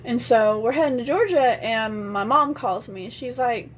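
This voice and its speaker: A woman's voice: a little high, unhurried, a little hiss or hum. A young adult woman vlogger casually telling a personal story, chatty and full of "and I'm like" retellings.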